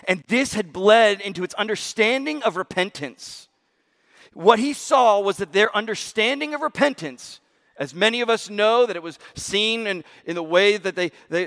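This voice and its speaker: A male pastor preaching a sermon, telling a story with emphatic rises and hushed drops. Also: sits high.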